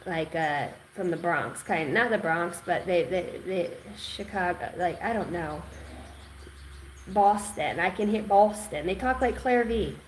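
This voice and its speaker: A woman giving an intuitive tarot reading, rambling and excitable, repeating words and swearing now and then. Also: fairly low pitch, measured pace, slight background noise, rough recording. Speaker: tarot reader.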